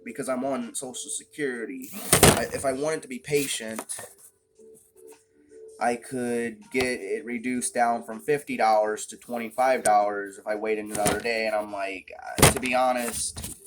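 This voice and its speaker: A man's voice: mid-range voice, little pitch movement, moderate pace, very noisy. Swearing, frustrated young man ranting. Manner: frustrated, swears constantly, rambling with restarts. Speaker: vlogger. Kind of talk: casual vlog rant. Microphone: phone or webcam at close range.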